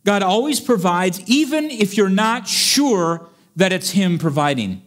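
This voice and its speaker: A man's voice: sits high, animated, a little slow. A man preaching a sermon in a chatty, playful way, reading old-fashioned scripture and acting out the scenes.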